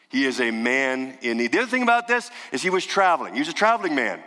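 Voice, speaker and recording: Pastor, male, lively and forceful sermon delivery, dramatic hushed drops, long hall reverb. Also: mid-range voice, fast talker, few pauses, slight background noise. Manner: dramatic, emphatic storytelling with sudden hushed drops.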